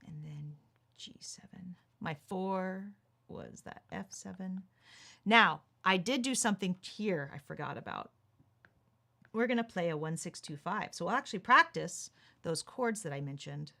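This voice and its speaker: A woman's voice: lowish voice, lively intonation, measured pace, creaky, sharp tone. A woman teaching a ukulele lesson on a livestream, patiently explaining chords step by step. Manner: calls out chords while strumming. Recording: ukulele playing under the voice.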